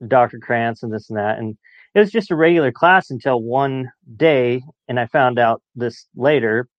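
A man's voice: mid-range voice, normal speed, dry recording. A man in his late forties, a podcast guest telling stories in a chatty way and laughing as he talks. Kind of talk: casual storytelling. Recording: dull muffled dry sound.

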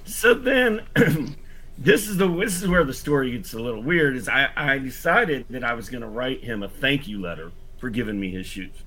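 A man's voice: medium pitch, expressive, normal speed, sharp tone, a little hiss or hum. Rambling man telling a story. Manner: rambling, full of "like" and restarts, acts out quotes. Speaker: podcast guest storyteller. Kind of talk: casual storytelling chat.

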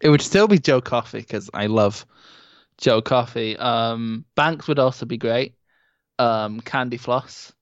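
A man co-hosts a wrestling podcast in casual chat, teasing with deadpan jokes. His voice sits at a middling pitch and comes through a dull, lo-fi mic. The room sound is dry. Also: a little slow, no echo. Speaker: podcast co-host.

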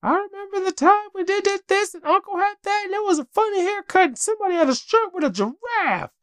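A man voicing his emotional four-year-old daughter in a high, wondering child's voice. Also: expressive, quick pace, fairly bright tone, no room sound, studio quality. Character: emotional little girl, four years old.

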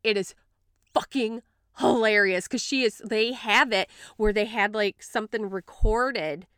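Bright, crisp-voiced woman chatting. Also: mid-range voice, unhurried, no echo, clean studio sound. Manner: animated storyteller, swears freely. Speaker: podcast co-host. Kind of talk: casual chat.

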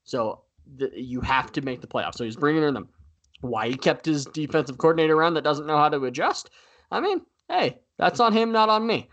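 A man co-hosting a casual sports podcast, talking in an animated way with frequent fillers and easy laughter. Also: on the high side, fairly quick, highs cut off. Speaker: podcast co-host.

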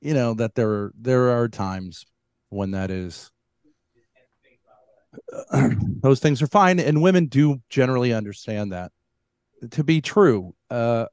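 A man on a debate panel, talking haltingly with many stops and restarts as he argues. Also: mid-range voice, lively intonation, a little mellow, clear, resonant tone, no echo. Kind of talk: heated debate.

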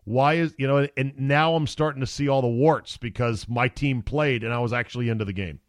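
A man's voice: medium pitch, a little fast, no echo, studio quality. A middle-aged man hosting a sports talk show, blunt and opinionated, talking casually and with animation. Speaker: podcast host.

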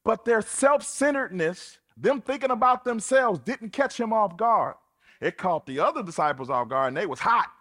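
A preacher with a husky, fairly high voice. He delivers his sermon slowly and deliberately, swinging widely in pitch as he teases and exhorts his listeners in casual, playful talk. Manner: animated, colloquial, playful preaching. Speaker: pastor.

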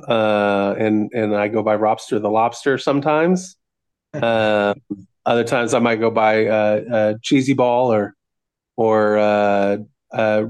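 A man's voice: fairly low pitch, clean tone. A man, an old friend of the host, introducing himself in a hesitant way with lots of "uh" and "um". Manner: hesitant, many fillers. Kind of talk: casual chat.

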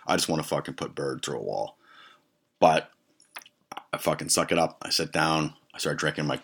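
A man's voice: extremely low pitch, fairly bright tone, husky. A man hosting a podcast, telling a profane, heated comic story. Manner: heavily profane, heated retelling. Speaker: podcast host.

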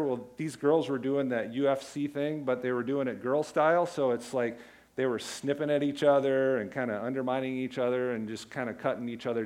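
Middle-aged guy preaching, chatty story mode then punchy declarations, normal pitch. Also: a little mellow. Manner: storytelling, conversational with emphatic declarations. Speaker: pastor. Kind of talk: sermon.

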